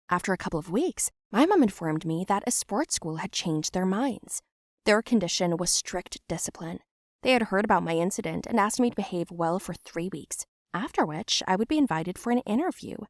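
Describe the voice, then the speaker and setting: A young woman giving scripted first-person narration for an animated story, in a plain, matter-of-fact way. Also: mid-range voice, no echo, studio quality.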